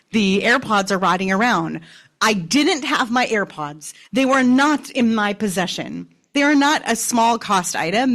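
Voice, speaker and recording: A woman's voice: medium pitch, fairly bright tone. Woman rabbi teaching a class. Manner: conversational, asks the group questions. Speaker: rabbi-cantor teaching a text study. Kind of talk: Torah study class. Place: synagogue study room.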